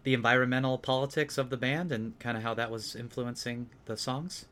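A man interviewing a guest in a relaxed conversational way, asking questions and sharing anecdotes. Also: mid-range voice, fairly quick.

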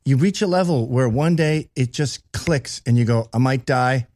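A man speaking as a talk show guest, making calm, measured points in conversation. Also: mid-range voice, no echo. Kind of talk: casual conversation.

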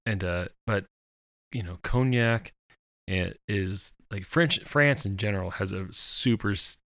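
A man with a lowish, gravelly, slightly bright voice speaks at a measured pace in a dry recording with clean studio sound. He's co-hosting a casual podcast, rambling along with lots of fillers and restarts.

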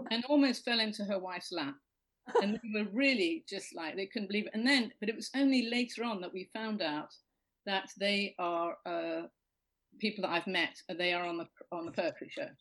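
English woman comic guesting on a talk show, dry self-mocking delivery, middle pitch. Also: normal speed, a bit bright, low-quality recording. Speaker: comedian guest. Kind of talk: casual radio chat.

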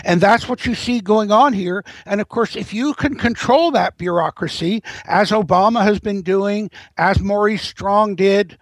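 A man's voice: sits high, a little slow, few pauses, dry recording, rough recording. A man speaking as an interview guest, telling long explanatory stories with frequent restarts and fillers. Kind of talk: interview commentary.

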